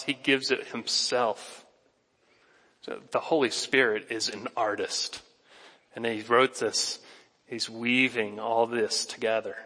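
A male pastor preaching a sermon in a church sanctuary, conversational and animated, speaking directly to his congregation. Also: mid-range voice, in a large hall.

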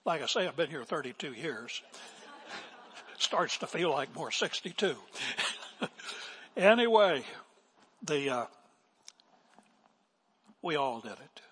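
An older man preaching a sermon as pastor, swinging from emphatic declarations to hushed asides. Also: fairly high pitch, animated, takes it slowly, pauses often, breathy edge. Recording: long reverb of a large hall.

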